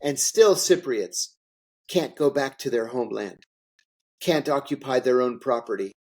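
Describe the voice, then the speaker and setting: A man's voice: medium pitch, measured pace, darkish tone. A man being interviewed, telling stories in a candid, emphatic way and repeating phrases for effect. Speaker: interview guest, former intelligence officer. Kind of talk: candid conversational storytelling.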